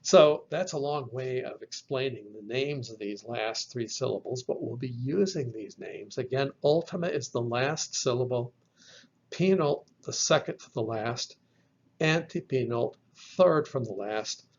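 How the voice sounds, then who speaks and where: A man teaching from slides, explaining each term slowly and carefully and spelling words out letter by letter. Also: mid-range voice, dull audio. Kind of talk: slide lecture.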